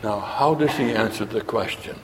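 A man's voice: on the low side, normal speed, a little hiss or hum. A man preaching a sermon, asking his listeners questions and acting out quotes as he goes. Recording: long hall reverb.

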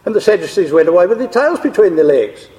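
A man's voice: high voice, big pitch swings, fast, warm tone. A man teaching a Bible class, explaining ideas step by step and checking in with his listeners. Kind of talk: scripture lecture to a class. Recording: long hall reverb.

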